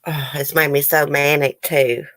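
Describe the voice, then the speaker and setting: A low-voiced woman hosts a true crime livestream, near tears and sighing as she talks to her viewers. Her voice is recorded close, with a dry sound and no room echo. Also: little pitch movement, unhurried, a bit bright. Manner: emotional, tearful, sighing, talks to chat. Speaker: true crime channel host. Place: home, near the case area.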